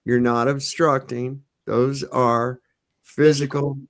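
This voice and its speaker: A man's voice: medium pitch, little pitch movement, takes it slowly, no room sound, clean studio sound. A man leading a casual panel talk, blunt and emphatic, cursing freely. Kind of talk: casual chat.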